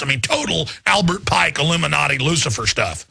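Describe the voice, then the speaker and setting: Gravelly, raspy radio host ranting. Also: male voice, a little high, expressive, fast talker, hardly any pauses, pushed and bright, no echo. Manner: mocking, laughing, lurid. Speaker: radio talk show host. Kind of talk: rambling ranting monologue.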